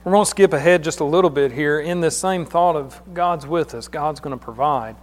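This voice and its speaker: A man's voice: a little high, brisk. A man preaching a sermon in a church hall, talking in a plain conversational way and often repeating his words. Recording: long hall reverb.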